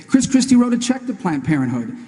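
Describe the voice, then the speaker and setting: A man speaking as a presidential candidate in a debate, in a rapid, emphatic, repetitive stump-speech style. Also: sits high, sing-song, warm tone, long reverb tail. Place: large debate hall.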